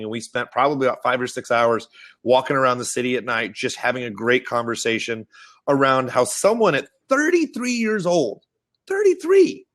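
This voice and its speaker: A man hosting a marketing webinar, telling stories in a lively, animated way and acting out the people he quotes. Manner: animated storyteller, acts out quotes in high excited voices. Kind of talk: casual webinar talk. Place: Austin.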